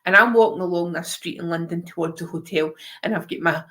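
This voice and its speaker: A woman's voice: fairly low pitch, fast talker, a bit bright. A Scottish woman telling a funny story in casual chat, swearing, laughing often and acting out the other voices. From Scotland.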